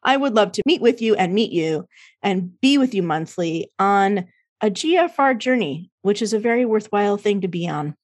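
A woman's voice: medium pitch, expressive, moderate pace, dry recording. A woman hosting a podcast, wrapping up an interview and reading an upbeat promo with frequent laughter. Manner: bubbly, laughs often, upbeat promo delivery. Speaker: podcast host. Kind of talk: casual interview wrap-up and outro.

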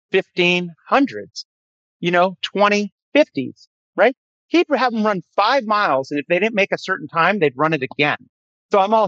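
A man's voice: a little high, dry recording. Man guest on a podcast, fired up, tells stories with a lot of punch, kinda muffled lo-fi sound. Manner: energetic, emphatic storyteller. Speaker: guest, fitness system founder. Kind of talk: casual podcast chat, storytelling.

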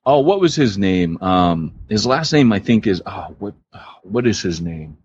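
A man's voice: sits low, big pitch swings, normal speed, darkish tone, dull audio, slight background noise. A man co-hosting a podcast, telling long rambling stories in casual chat with many restarts. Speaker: podcast co-host.

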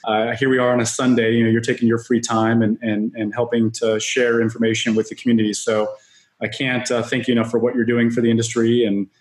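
A man as a software company guest on a podcast, upbeat business talk with frequent restarts. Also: mid-range voice, completely flat delivery, fast talker. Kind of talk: podcast interview. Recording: roomy echo.

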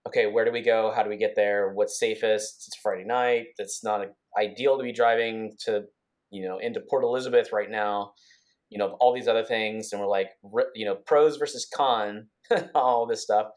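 A man co-hosting a podcast, recounting events in a casual, rambling way with many restarts and quick bursts. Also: lowish voice, fairly even intonation, darkish tone. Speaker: podcast co-host. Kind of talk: casual conversational storytelling.

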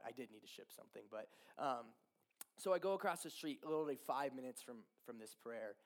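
Guy in his 30s preaching, high voice, animated and laughing, telling a story to the crowd. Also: brisk, smooth. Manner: animated, emotional, laughs often. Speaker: pastor. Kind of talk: sermon storytelling.

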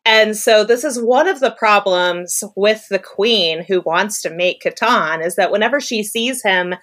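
A woman with a mid-pitched voice co-hosts a casual book podcast. She explains the story's details in a chatty, easygoing way, laughing as she goes. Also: measured pace, a bit bright. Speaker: podcast co-host.

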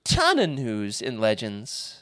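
Male podcast co-host, mid-pitched, chatty storyteller who acts out quotes, dry close sound. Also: slow pace, dry recording. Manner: rambling anecdotes with restarts and animated quoted voices. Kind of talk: casual chat.

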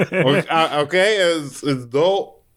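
A man putting on a slow, slurred, rambling drunk voice as a drunk man who claims to be with the band. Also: a little high, a bit bright. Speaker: podcast guest.

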